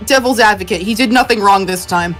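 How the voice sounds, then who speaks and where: Guy tossing out dry quips during a game stream, higher voice. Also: a little fast, fairly bright tone, soft background music. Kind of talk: casual gaming commentary.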